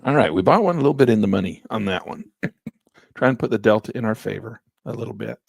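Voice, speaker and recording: Man, low gravelly voice, hoarse, husky, trading instructor thinking aloud. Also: quick pace, no room sound. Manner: thinking aloud while placing trades. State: hoarse, clearing his throat. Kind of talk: live trading walkthrough.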